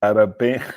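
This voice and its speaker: A man's voice: mid-range voice, dry recording. A man hosting a live-streamed commentary show, talking in a mocking, sarcastic way, laughing often and repeating words as he restarts his sentences. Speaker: livestream political commentary host.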